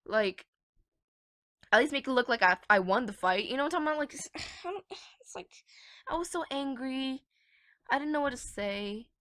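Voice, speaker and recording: A teenage girl rambles through a storytime, chatty and quick to swear. Her voice is bright and on the high side. The recording is dry and close. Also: animated, no room sound. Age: teens. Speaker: gaming vlogger. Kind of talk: casual storytime chat.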